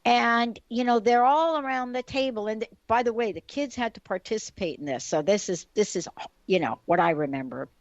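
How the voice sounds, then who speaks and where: A woman's voice: a little high, a little fast, no echo. Chatty New woman radio host. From the Bronx, New York. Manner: chatty, animated storyteller with asides. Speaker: radio talk show host. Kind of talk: casual radio chat, storytelling. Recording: dull lo-fi radio recording.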